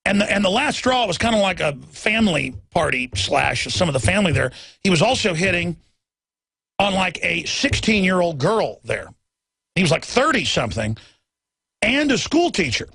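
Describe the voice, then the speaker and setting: A man's voice: sits high, sing-song, moderate pace, gravelly, bright, forceful tone, husky, no room sound. A middle-aged male talk show host delivering an impassioned monologue. He rants and acts out other people's lines as he goes.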